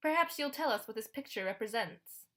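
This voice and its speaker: A woman voicing a kindly but formal middle-aged male teacher who speaks in a measured way in an audiobook reading. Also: on the high side, animated, sharp tone.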